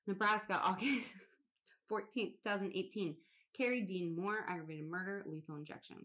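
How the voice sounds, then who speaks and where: A woman with a slightly low, brisk and somewhat bright voice co-hosts a relaxed podcast. She reads out a long list casually, cursing here and there and laughing at strange names.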